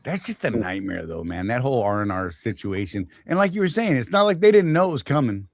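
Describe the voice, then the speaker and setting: A man's voice: mid-range voice, sing-song, a little fast, no room sound. Laid-back man chatting on a live stream. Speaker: co-host. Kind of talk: casual live-stream chat.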